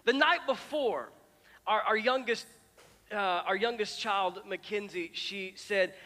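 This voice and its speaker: High, bright-voiced middle-aged pastor. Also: male voice, takes it slowly. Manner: chatty storytelling with many restarts. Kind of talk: sermon. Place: church auditorium. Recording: church hall reverb with music.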